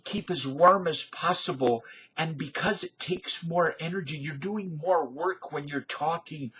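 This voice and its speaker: A man in his fifties talks to camera in an unhurried, meandering monologue, full of folksy asides and filler words. His voice has a husky grain and an easy, slow pace. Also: on the high side, a bit bright, poor audio. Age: 50s. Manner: folksy, digressive, filler-heavy. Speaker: video blogger. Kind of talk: rambling casual monologue.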